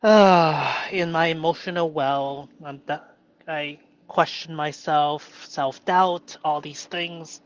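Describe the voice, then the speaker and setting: A man talking alone about his inner state, halting and self-questioning, who sometimes argues playfully with a mock inner voice. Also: a little high, fairly even intonation, lo-fi sound. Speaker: vlogger reflecting on improv. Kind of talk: solo reflective monologue.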